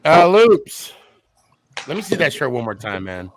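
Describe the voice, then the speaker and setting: A man's voice: on the high side, sing-song, measured pace. Laid-back man hosting a podcast. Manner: laid-back, slangy, thanks guests warmly. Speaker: podcast host. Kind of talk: casual call-in chat.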